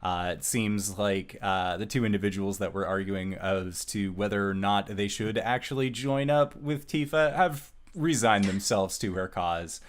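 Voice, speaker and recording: A man narrating as game master of a tabletop game, slow with many filler sounds. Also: lowish voice.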